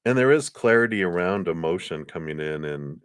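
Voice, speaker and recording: A man giving live tarot readings in a gentle, meandering way, with many fillers and soft laughs. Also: deep voice, animated, moderate pace, clean tone, dry recording, studio quality. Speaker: tarot card reader.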